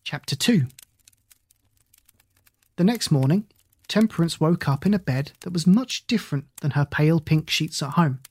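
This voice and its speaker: A narrator reading a children's novel aloud in a measured, even storytelling manner, on a close mic. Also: medium pitch, breathy edge, no room sound. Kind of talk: audiobook narration.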